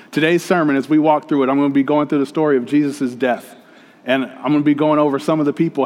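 Male pastor, conversational, reverberant hall. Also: fairly high pitch. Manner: conversational storytelling, addressing the congregation. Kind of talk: sermon.

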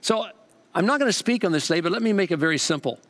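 A male pastor preaching in a fairly high voice. He rolls through repeated phrases and builds them upward, then drops into relaxed storytelling. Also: very fast. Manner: animated, repetitive preaching cadence. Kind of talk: sermon.

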